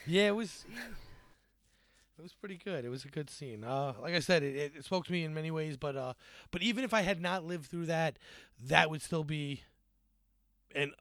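A man's voice: on the high side, normal speed, fairly bright tone, dry recording. A man co-hosting a podcast in casual chat, rambling and joking with frequent fillers. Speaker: podcast co-host.

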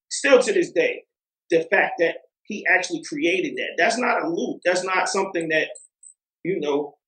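A man's voice: high-pitched, fairly bright tone, echoey room, low-quality recording. A man talking as a music producer guest in a casual interview, rambling with lots of fillers and restarts.

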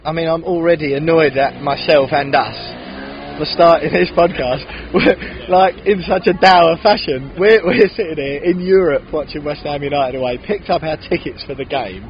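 Outside a city bar, a podcast host with a voice on the high side keeps up a lively, casual conversation full of laughter at a moderate pace. The audio is muffled, with soft music in the background.

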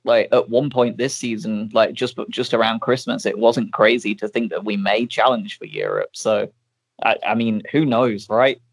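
A man's voice: fairly low pitch, steady tone, normal speed, no room sound. A man hosting a casual podcast, chatty with lots of fillers and laughter. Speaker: podcast host.

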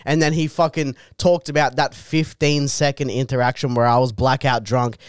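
A man's voice: mid-range voice, steady tone, moderate pace, smooth, dry recording, studio quality. A male comedian on a casual podcast, telling crude, self-deprecating stories. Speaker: stand-up comedian guest.

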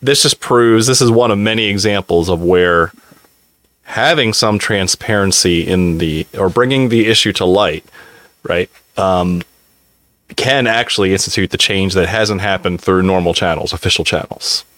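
A man taking part in a casual podcast panel discussion, speaking calmly and thoughtfully. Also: deep voice, normal speed, no room sound.

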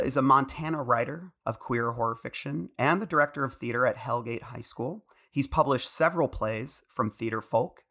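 A man hosting a casual podcast chat, eager and excitable, his voice hoarse from shouting the night before. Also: medium pitch. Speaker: podcast host.

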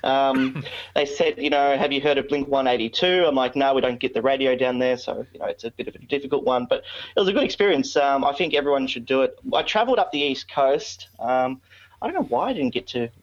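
An Australian man in his twenties or thirties rambles easily through a podcast interview, filling the gaps with ums. His voice sits in a middle pitch. The recording is a little dull and lo-fi. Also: lively intonation, a little fast. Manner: chatty, rambling, many ums. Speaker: podcast guest. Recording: slightly dull lo-fi audio.

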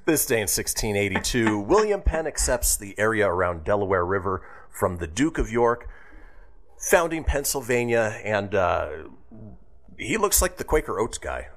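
Animated, low-voiced male radio host. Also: moderate pace. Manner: lively, reads history segment with quips. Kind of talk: casual radio banter.

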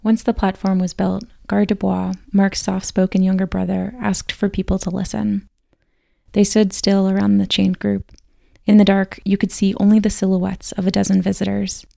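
Gravelly woman host, flat and steady, reading scripted documentary narration. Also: mid-range voice, dry recording, studio quality. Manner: measured storytelling reading. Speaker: podcast host.

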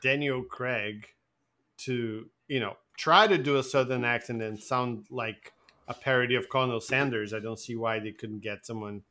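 A man's voice: medium pitch, fairly even intonation, moderate pace, pushed and bright. A man co-hosting a casual movie podcast, chatty and given to trailing off. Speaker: podcast co-host.

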